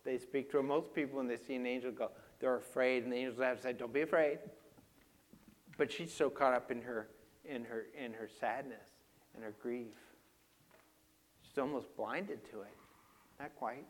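A man preaching a sermon with slides, moving from quiet reflection to loud, emphatic passages. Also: medium pitch, fairly even intonation, normal speed, long pauses. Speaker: pastor.

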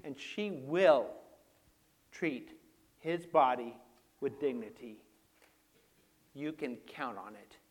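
A man preaching a sermon with slides, moving from quiet reflection to loud, emphatic passages. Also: mid-range voice, lively intonation, slow pace, long pauses. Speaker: pastor.

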